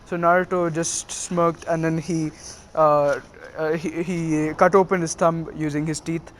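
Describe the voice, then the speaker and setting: A man's voice: on the high side, flat delivery, measured pace, a little hiss or hum. Rambling man retelling a fan story. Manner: rambling, full of uh and restarts.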